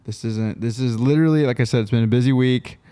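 A young man co-hosts a casual podcast, chatting in a loose, rambling way. His voice is warm and smooth. The sound is dry and close. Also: mid-range voice, fast, no room sound. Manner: laid-back, rambling with restarts. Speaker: podcast co-host. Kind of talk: casual chat.

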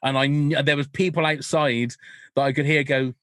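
A man's voice: a little high, level tone, moderate pace, a bit bright, no room sound. Dry-sounding jokey man. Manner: jokey, laughs often, stumbles and restarts. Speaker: podcast host. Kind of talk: casual chat.

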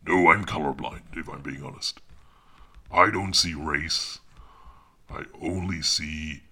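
With a rumbling low, slow, slightly rough voice, a man delivers a deadpan comedy monologue as an audiobook narrator. He sounds awkward and defensive, often slipping into hushed asides.

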